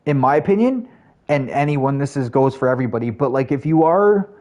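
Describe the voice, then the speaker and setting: Guy streaming, chatting to chat, rambly and loose, kinda mellow dark tone. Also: medium pitch, lively intonation, brisk, highs cut off. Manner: chatty, rambling, talks to chat, frequent fillers. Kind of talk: casual live-stream chat.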